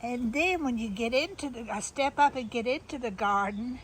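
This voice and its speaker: A woman's voice: fairly high pitch, normal speed, fairly bright tone, a little hiss or hum, poor audio. A woman giving a rambling, chatty walk-through of her garden outdoors, restarting her sentences often. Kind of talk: casual walk-through tour.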